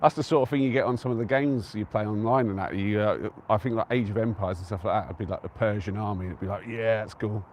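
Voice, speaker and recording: An easygoing Englishman with a lowish, darkish voice talks quickly and with few pauses as he live-streams from an open hilltop trig point on a windless day. He answers viewers' comments casually, and slight background noise can be heard.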